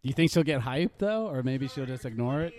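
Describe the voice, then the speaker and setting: A man's voice: medium pitch, lively intonation, a little fast, darkish tone. A young man in casual banter, teasing and joking, often laughing.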